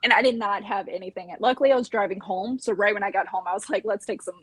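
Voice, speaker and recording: A chatty woman with a Southern accent hosts a casual livestream over a video call. Her voice is a little husky and the sound is dry and close. She giggles often and loves a pun. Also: mid-range voice, quick pace, a bit bright, no echo. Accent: Southern American. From American South. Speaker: stream host.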